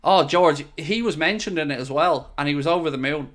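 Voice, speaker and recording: A man hosting a live football watchalong stream, chatting casually, answering viewer messages and bursting out loud when goals go in. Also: a little high, fairly quick. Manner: excitable, swings between chatty asides and loud bursts at goals. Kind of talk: live casual commentary and chat.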